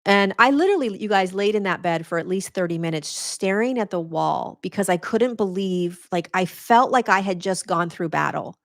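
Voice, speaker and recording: A woman hosting a podcast who tells a personal spiritual story straight to her listeners, earnest and animated, often restarting her words when excited. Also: medium pitch, normal speed, hardly any pauses, no room sound, studio quality. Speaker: podcast host.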